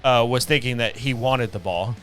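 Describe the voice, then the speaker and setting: A man's voice: mid-range voice, a bit bright. Man chatting football, music faintly behind. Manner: halting, restarts phrases. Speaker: podcast co-host. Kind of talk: casual sports chat.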